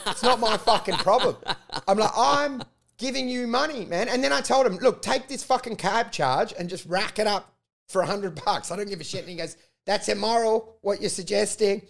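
A man's voice: high-pitched, moderate pace, gravelly. A man telling a rambling story in casual chat, swearing a lot and acting out what people said. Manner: profane, animated storytelling with acted-out quotes. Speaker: comedian.

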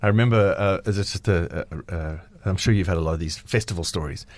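A man's voice: low voice, quick pace. A man co-hosting a casual interview, asking teasing questions and laughing easily. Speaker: radio show co-host.

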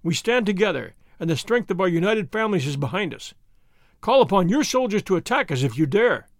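A man voicing the proud leader of young noble horsemen, speaking sternly and forcefully. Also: high-pitched, very animated, fairly quick, no room sound, studio quality.

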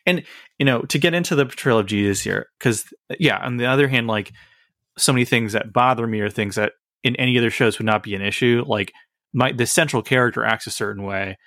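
A man's voice: medium pitch, fairly quick, fairly bright tone, no echo. Young man, casual podcast chat, rambling, dry close sound. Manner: rambling, filler-heavy, frequent "like". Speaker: podcast co-host.

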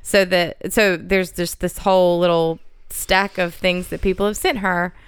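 A woman's voice: lowish voice, little pitch movement, unhurried, clean tone, no room sound. A woman co-hosting a casual chat, telling travel stories in a chatty way and laughing at herself. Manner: chatty storyteller, laughs at her own stories. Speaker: podcast co-host.

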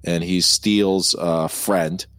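An American man co-hosting a casual film discussion, animated, with frequent hesitant restarts. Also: sits low, extremely slow, no echo. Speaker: co-host.

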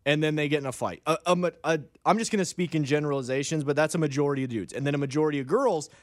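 A man chatting casually with friends, joking and emphatic as he hands out blunt advice in broad strokes. His voice sits a little high for a man, recorded close and dry. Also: racing, dry recording. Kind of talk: casual chat.

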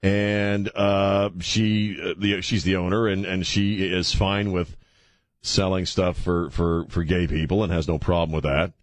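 Older male talk radio host, very deep voice, dry studio sound, self-mocking jokes, halting delivery. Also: dry recording. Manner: joking and self-mocking, halting with many fillers when reading stories. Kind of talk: casual talk radio banter and news commentary. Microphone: studio microphone.

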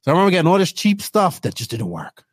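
A man's voice: fairly high pitch, very animated, quick pace, husky, no echo, clean studio sound. Man. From Bermuda. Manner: rambling, tags lines with "right?". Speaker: podcast host telling his story. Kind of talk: casual storytelling interview.

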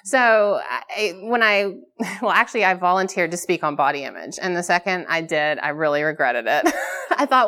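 A woman in her thirties speaks at a conference before a live audience, her voice sitting a little low. She talks candidly and pokes fun at herself, with quick laughs along the way. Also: expressive, pushed and bright. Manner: candid, self-deprecating, laughs often. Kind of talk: live keynote talk.

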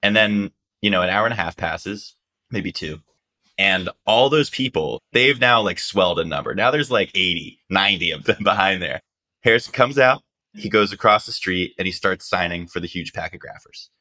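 A man's voice: low-pitched, moderate pace. A man, a journalist guest, telling a story casually and animatedly, with lots of "like". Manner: animated, acts out quotes, lots of "like".

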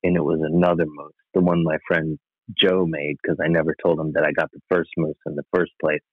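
An American guest with an extremely low pitch and level tone talks a little fast through a casual, rambling anecdote laced with wry asides. The recording is dry, echo-free and phone-thin.

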